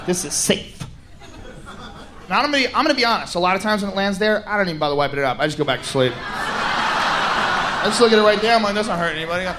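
A male stand-up comedian performing a loud, animated set, shouting punchlines and acting out bits. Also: high-pitched, slight background noise.

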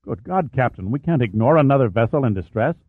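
A man's voice: mid-range voice, lively intonation, fast talker, no room sound, natural voice. Man doing a stubborn officer, firm and insistent, tinny phone-like sound. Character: stubborn dutiful male ship's officer. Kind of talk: audiobook character voice.

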